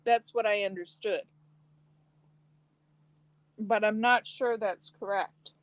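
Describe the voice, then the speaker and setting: A woman hosting a relaxed live stream, chatting casually with viewers and answering their comments while eating. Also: medium pitch, slow, no echo, poor audio. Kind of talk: casual chat reading comments.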